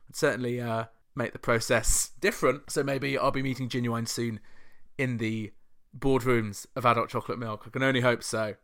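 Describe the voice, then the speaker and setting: A male chart show host from the UK who chats casually and makes sarcastic remarks. His voice is bright and crisp, and his delivery is clean and clear. He talks in an easy, conversational way. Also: mid-range voice, steady tone, normal speed. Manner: snarky, sarcastic and chatty. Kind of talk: casual commentary.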